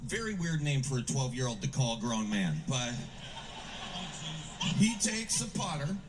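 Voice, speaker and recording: A man's voice: mid-range voice, very animated, a little slow. A man from the American Midwest performing a self-deprecating stand-up routine with punchy asides. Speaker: stand-up comedian. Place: comedy stage before a live audience. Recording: distant stage mic with hiss.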